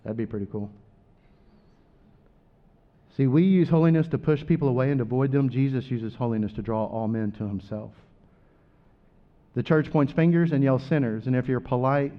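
A man preaching a sermon, rising loud on scripture and dropping quiet for asides. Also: mid-range voice, highs cut off.

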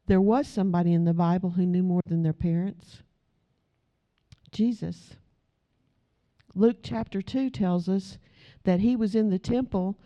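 Mellow-voiced woman preaching. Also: medium pitch, fairly even intonation, unhurried, pauses often, muffled recording. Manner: conversational, asks the audience questions. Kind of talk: sermon.

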